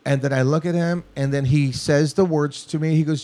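A man's voice: on the high side, a little fast, few pauses. A man from Los Angeles telling a long studio story in a casual, profane way, acting out what people said. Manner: profane, animated, acts out quotes. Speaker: guest musician.

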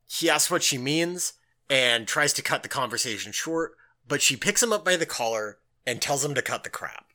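A man's voice: mid-range voice, moderate pace. A man co-hosting a podcast, chatting casually and animatedly with lots of fillers as he recaps a story. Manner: animated, filler-heavy, acts out quotes. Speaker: podcast co-host.

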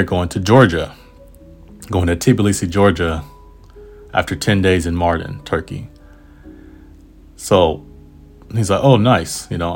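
An American man, a travel writer, casually telling a travel story in a rambling, self-aware way with asides and restarts. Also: deep voice. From United States.

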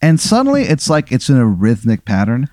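A man's voice: medium pitch, huge pitch swings, a little fast, darkish tone, dry recording. A man narrating an improvised comic scenario as game master, setting each scene with playful storytelling. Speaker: game master of a comedy hypothetical.

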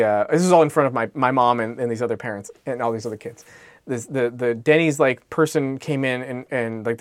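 A man's voice: medium pitch, no room sound, clean studio sound. A man co-hosting a podcast, telling a long story in a casual, rambling way and often correcting himself. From Alaska.

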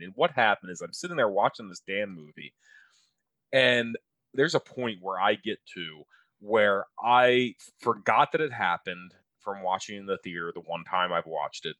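A man's voice: fairly low pitch, lively intonation, normal speed, fairly bright tone, no room sound. A man co-hosting a podcast, telling a profane, exasperated story in casual chat. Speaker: podcast co-host.

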